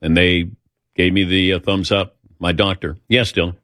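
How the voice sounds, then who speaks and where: This middle-aged, low-voiced man tells a lengthy personal story on a talk show, wandering off track and performing the quoted lines. His delivery is flat at a moderate pace, and the close, dry recording gives a fairly bright tone with no room sound.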